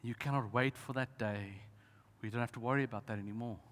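A man in his thirties, a pastor, preaching a sermon with passion, slowing down for emphasis and swinging from loud to soft. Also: medium pitch, fairly even intonation. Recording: reverberant church hall.

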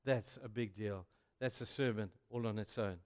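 A man's voice: fairly low pitch, fairly even intonation, moderate pace, a little mellow. Male preacher, chatty and emphatic sermon delivery, long hall echo. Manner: emphatic and chatty, keeps saying "you know". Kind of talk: youth sermon. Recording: echoey hall.

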